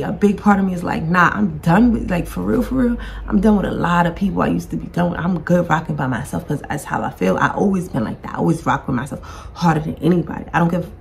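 A woman with a low, gravelly, darkish voice hosts her own podcast and talks straight to her camera in an emotional personal vlog monologue. She is blunt and grieving, close to tears, swearing and repeating herself, with slight background noise.

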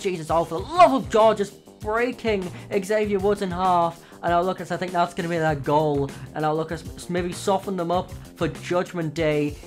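A man, hoarse, calling wrestling matches from a video game in excited play-by-play, full of oaths and sudden exclamations. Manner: exclamatory, frequent oaths and gasps, swings loud and high. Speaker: play-by-play commentator for his own wrestling game.

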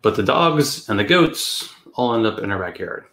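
A man with a fairly low voice tells a story in a loose, chatty way, rambling and cursing casually. It sounds like a podcast recorded in an echoey room. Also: expressive, normal speed, gravelly, pushed and bright. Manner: chatty, rambling, swears and laughs often. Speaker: podcast host.

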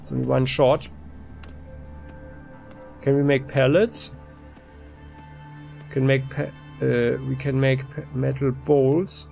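Relaxed male let's-play host, gravelly voice, mid pitch. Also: slow, pauses often, soft background music. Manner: relaxed, thinking aloud with restarts. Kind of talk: casual gameplay commentary.

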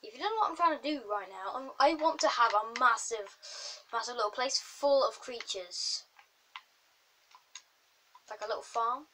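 A woman chatting through her game and talking to the animals in it, with sudden excited outbursts. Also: fairly high pitch, moderate pace, pauses often, slight background noise. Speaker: gamer. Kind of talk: casual gameplay commentary.

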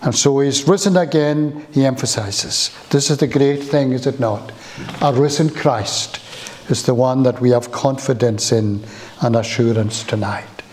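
A man preaching a sermon in a church, slow and emphatic, with rising exclamations. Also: mid-range voice, darkish tone.

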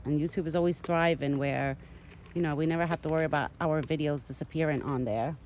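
A woman's voice: deep voice, fairly even intonation, quick pace, a little mellow, slight background noise, poor audio. A young woman chatting casually outdoors as she vlogs on her phone, rambling on and cooing baby talk to a deer. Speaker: vlogger. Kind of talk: casual chat. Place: outdoors in a rural yard. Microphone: phone camera.

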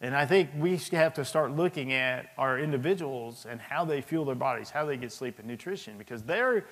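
Storytelling senior army sergeant in a hall. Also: male voice, mid-range voice, lively intonation, moderate pace, fairly bright tone. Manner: storytelling, anecdotal, chuckling asides. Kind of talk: speech to an audience. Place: large hall with audience. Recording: long reverb of a hall.

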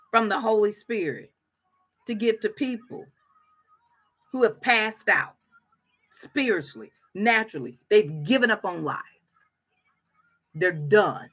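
A woman's voice: medium pitch, big pitch swings, slow, long pauses, fairly bright tone, slightly rough. A woman preaching a fervent sermon, repeating her phrases for emphasis.

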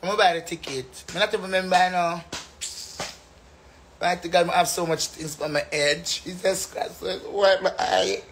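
A man's voice: high voice, fairly even intonation, moderate pace, fairly bright tone, slight background noise. A man with a Jamaican accent chatting casually and animatedly, breaking into laughter often and singing phrases. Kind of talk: casual live chat.

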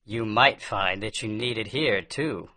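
A man doing a sharp-voiced, prying miner. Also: on the low side, unhurried. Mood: probing. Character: rough miner, curious and guarded. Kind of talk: audiobook character voice.

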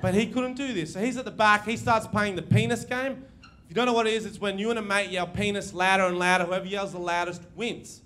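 Crude stand-up comedian, high voice. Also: male voice, a little fast. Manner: crude, animated, acts out quoted voices. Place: live comedy venue with audience. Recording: noisy live room recording.

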